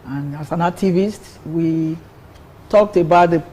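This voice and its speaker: A woman's voice: fairly low pitch, unhurried, warm tone, slightly rough, rough recording. An older woman, a politician answering interview questions in an earnest way, often repeating words as she builds her point. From Nigeria.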